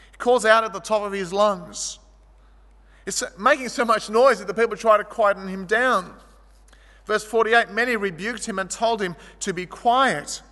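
A man preaching a sermon, his voice pitched high and bright with a tense edge. He tells stories vividly, rising to loud, animated passages and dropping to quiet ones. The sound carries a long hall reverb. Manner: storytelling, shifting from vivid and loud to quiet and low. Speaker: pastor.

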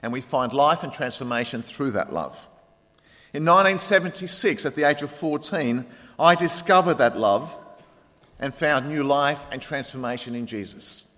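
A man preaching a sermon as pastor, earnest, pressing on points and then dropping quiet. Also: mid-range voice, animated, normal speed. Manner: earnest preaching with rising emphasis and quiet drops. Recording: long hall reverb.

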